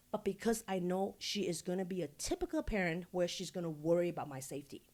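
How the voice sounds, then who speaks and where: A woman from Singapore, a podcast guest who tells stories candidly, swears freely and gets animated. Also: on the low side. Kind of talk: casual interview storytelling.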